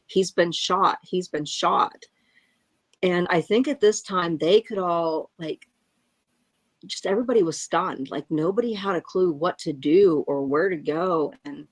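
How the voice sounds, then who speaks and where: Shaken woman with a lower voice. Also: dry recording. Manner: halting, breaks off and apologizes, restarts; angry and frustrated. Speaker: eyewitness. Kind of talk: emotional first-hand account.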